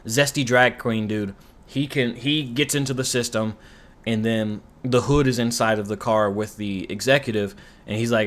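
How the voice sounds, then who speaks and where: A man's voice: mid-range voice, moderate pace, fairly bright tone. A man recapping a TV show in a rambling, profane, sarcastic rant, full of asides and complaints. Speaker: commentary YouTuber.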